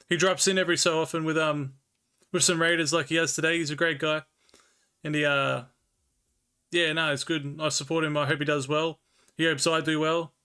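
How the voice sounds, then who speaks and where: An Australian man livestreaming, chatting casually with viewers and slowly reading old scripture aloud. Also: fairly high pitch, bright, forceful tone, clean tone. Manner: laid-back, chatty, reads old scripture slowly and carefully.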